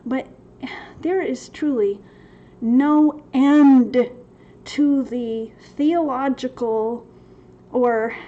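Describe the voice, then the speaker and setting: A woman's voice: fairly high pitch, drawn-out words, dark tone. A woman hosting a faith-based livestream Q&A, reading viewers' questions from the chat and answering them with frequent laughter. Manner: laughs often, reads chat questions aloud. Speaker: host of a Bible study Q&A. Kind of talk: livestream Q&A teaching. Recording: slightly dull sound with faint noise.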